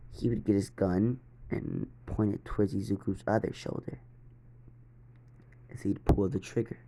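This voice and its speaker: Deep, gravelly male storyteller. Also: warm tone. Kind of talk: reading a fan fiction story.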